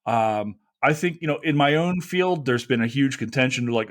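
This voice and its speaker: An American man hosts a casual podcast in an easygoing, enthusiastic way. His voice is of middling pitch, and his speech is loose and full of filler words. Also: animated, moderate pace. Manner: easygoing, enthusiastic, says "like" a lot. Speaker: podcast host.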